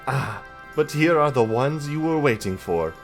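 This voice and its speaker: A man's voice: medium pitch, animated, unhurried, soft background music, pitched above the performer's own voice. A man voicing a flamboyant, theatrical fairy king, attempting a lilting accent and speaking in a grand, fond manner. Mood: grand, playful.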